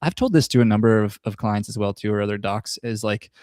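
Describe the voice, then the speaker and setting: A man hosting a podcast in relaxed, rambling chat, swearing casually. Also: fairly low pitch, fast talker, dry recording, studio quality. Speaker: podcast host.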